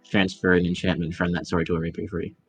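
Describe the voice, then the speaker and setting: Male player, deep voice, relaxed casual chat with fillers. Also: fast, husky, soft background music. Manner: relaxed, thinks aloud with fillers.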